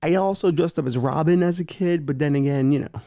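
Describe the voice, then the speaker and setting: A man's voice: fairly high pitch, brisk, dark tone. Profane, joking man hosting a comedy show. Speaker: host. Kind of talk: comedic talk-show monologue.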